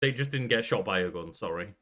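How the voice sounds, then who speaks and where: Bright-voiced, musing male podcast co-host. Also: fairly low pitch, animated, fast. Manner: musing, laid-back, trailing sentences. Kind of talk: casual chat.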